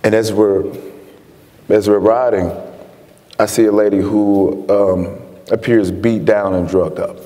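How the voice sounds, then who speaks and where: Onstage in a lecture hall before an audience, a Chicago man being interviewed as a guest author tells his story earnestly. His voice is low-pitched and dark, he laughs often, and the hall leaves a long reverb.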